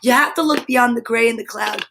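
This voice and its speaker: A woman's voice: on the high side, a little fast, noisy background. A woman hosting a live stream, chatting with viewers and reading their comments aloud in a bubbly, exclamatory way. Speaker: host of a live comedy stream.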